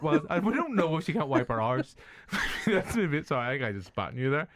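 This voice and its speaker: A man's voice: a little high, very animated, fairly quick, fairly bright tone, no room sound. A man with a Northern Irish accent hosting a film review podcast, chatting casually, joking, laughing often and swearing. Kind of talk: casual chat.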